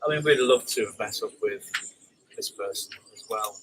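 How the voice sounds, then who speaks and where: A man's voice: lowish voice, normal speed. Older man hosting a live stream, a chatty and rambling talker with a faint hiss of noise behind him. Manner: rambling, chatty, with frequent fillers and restarts. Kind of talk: casual live-stream chat reading comments.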